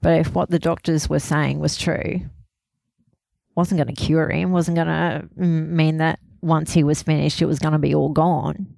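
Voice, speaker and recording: A woman in her thirties, a grieving mother speaking candidly in an interview, halting and laughing softly through painful memories. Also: low-pitched, flat delivery, creaky, no room sound. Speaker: interview guest, bereaved mother. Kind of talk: emotional personal interview.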